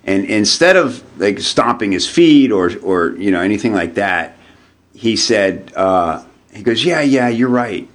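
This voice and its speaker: A lower-pitched man talks as a podcast guest. He tells his story in an animated, conversational way, stumbling over and repeating words as he goes. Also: measured pace. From United States. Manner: animated storyteller, frequent restarts and repeated words, laughs while telling.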